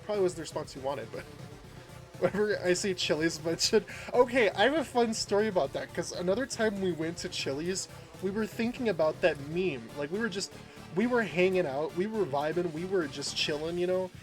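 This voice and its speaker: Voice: medium pitch, animated, brisk, faint music behind. A game streamer chatting casually and rambling through a story, laughing often and greeting viewers by name. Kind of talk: casual livestream chat while gaming.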